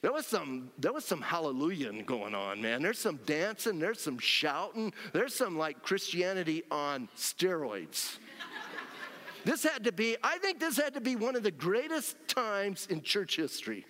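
A man preaching a lively, animated sermon as pastor, acting out scenes and whooping with joy. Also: sits high, unhurried. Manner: animated, acts out scenes, frequent shouts of joy. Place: church sanctuary. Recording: long hall reverb.

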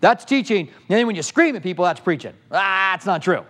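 A man's voice: sits high, animated, quick pace, vocal fry, pushed and bright. A middle-aged male pastor teaching a sermon with passion, firing off rhetorical questions at the congregation.

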